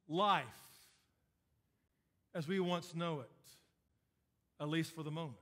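Guy pastor preaching a sermon, high bright voice, repeats stuff for punch, gets sarcastic. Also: takes it slowly, long pauses. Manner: preaching with emphatic repetition and sarcasm.

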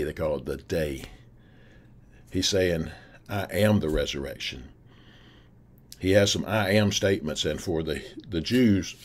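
A man preaching an earnest, encouraging sermon for a recorded video, repeating his key phrases. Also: very deep voice. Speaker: pastor. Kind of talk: recorded sermon to a youth camp.

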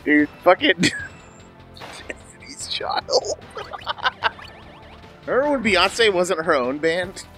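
Excitable profane young man, bright lively voice. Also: high voice, takes it slowly, pauses often, soft background music. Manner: excitable, profane, cheering and heckling. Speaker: co-host watching a playthrough. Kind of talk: casual let's-play banter.

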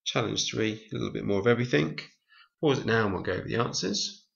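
A man teaching a Spanish lesson, reading example lines slowly and explaining each step clearly. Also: fairly low pitch, expressive, fairly bright tone, highs cut off. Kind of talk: recorded language lesson.

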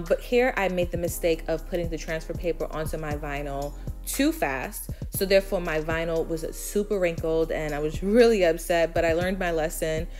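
Low-pitched woman with a Brooklyn accent, chatty DIY vlogger walking through steps, soft music underneath. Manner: chatty, step-by-step, frequent ums. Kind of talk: casual tutorial voice-over.

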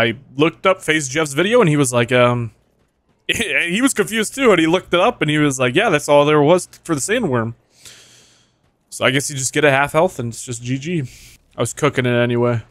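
Excitable young man swearing through gameplay. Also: medium pitch, no room sound. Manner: excitable, swears often, jumps to yelps when hit. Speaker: gaming streamer. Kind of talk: casual gameplay commentary.

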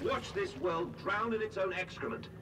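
An actor playing a grandiose, fanatical industrialist in a game recording, speaking in impassioned, grandiloquent phrases. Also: male voice, sits high, animated, moderate pace. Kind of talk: game cutscene audio recording. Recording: distant, noisy archival playback.

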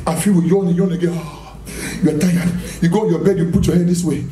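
A man preaches in a church hall, his high, dark voice quick and lively with hardly any pauses. Recorded at a distance with lots of echo, he's emphatic and repetitive, fires rhetorical questions at the congregation and laughs throughout.

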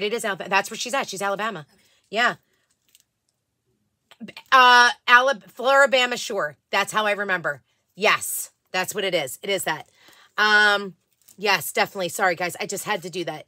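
Chatty female live-stream host, craft seller, bright and a touch high, dry close sound. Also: dry recording. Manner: chatty, greets viewers by name, many fillers. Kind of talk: casual live-stream chat.

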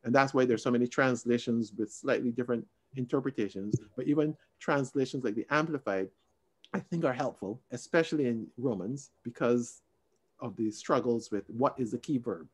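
A man teaching a Sunday school Bible lesson over a video call, expressive and emphatic, shifting between raised stress and quiet asides. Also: medium pitch, normal speed, breathy edge.

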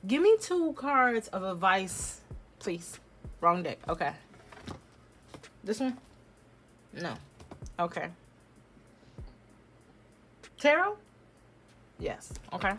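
A woman giving a casual tarot reading at home, talking bluntly and forcefully, swearing freely as she addresses viewers directly. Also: medium pitch, very animated, slow, long pauses, soft background music. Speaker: tarot reader. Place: home room.

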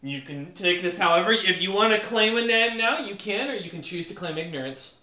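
A man's voice: high-pitched, expressive, a little fast, sharp tone, reverberant. A man narrating a tabletop game as game master, loosely, with many ums and fillers.

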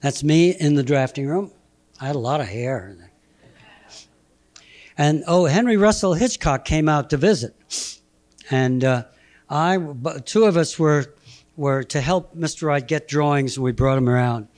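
A man in his eighties giving a halting, anecdotal slide talk, chuckling between memories. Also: fairly high pitch, a little mellow. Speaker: guest speaker presenting slides. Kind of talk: anecdotal lecture.

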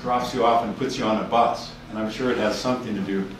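A man's voice: lowish voice, fairly even intonation, fast, background noise. A man giving a university lecture with slides, rambling and hesitant with many restarts. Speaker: university professor giving a talk. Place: lecture room. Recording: echoey room from far off.

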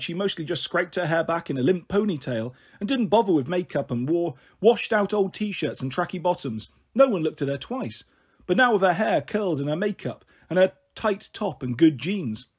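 Husky high-voiced male storyteller. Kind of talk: storybook reading.

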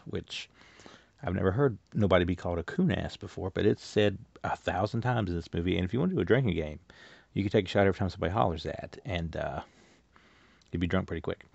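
Deep gravelly guy rambling thru a movie review, dry dull lo-fi audio. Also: a little mellow, dry recording. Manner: rambling, loose delivery with many filler words. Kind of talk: casual spoken movie review.

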